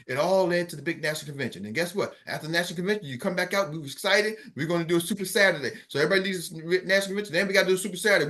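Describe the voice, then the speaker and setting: A man with a high, forceful voice gives a pep talk as a business coach on an online call. He is middle-aged and energetic, and he repeats his points and asks his listeners again and again whether they are with him. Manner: energetic, repetitive, keeps asking the audience if they follow.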